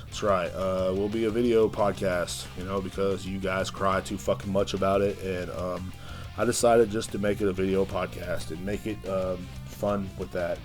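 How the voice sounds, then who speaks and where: A man's voice: low voice, little pitch movement, moderate pace, faint music behind. A man hosting a casual podcast, ranting in a brash, profane, rambling way. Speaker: podcast host.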